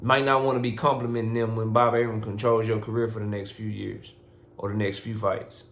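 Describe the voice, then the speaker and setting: A man's voice: fairly low pitch, flat delivery, brisk, fairly bright tone. A man hosting a boxing commentary vlog, speaking in a casual, blunt and profane rant that lectures his listeners. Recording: roomy echo.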